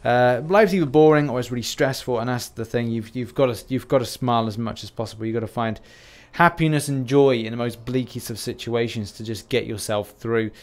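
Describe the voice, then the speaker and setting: A man's voice: mid-range voice, brisk, few pauses. A British man talking casually over game footage as a YouTuber, rambling and jokey, making fun of himself. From United Kingdom. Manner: rambling, self-deprecating, jokey. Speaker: gaming YouTuber.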